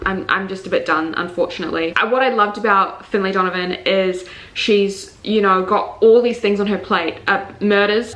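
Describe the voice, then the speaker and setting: A young woman with a New Zealand accent talks through her monthly reads in a loose, candid way, peppering her speech with fillers and the odd swear. Her voice sits at an ordinary middle pitch and rings a little in a roomy space. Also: a bit bright. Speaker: book reviewer. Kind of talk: casual book review vlog.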